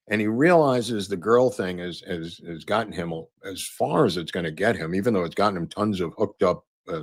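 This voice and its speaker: A man's voice: low-pitched, no echo. A man hosting a podcast, talking casually over photos and clips in a rambling way with many fillers and restarts. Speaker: podcast host.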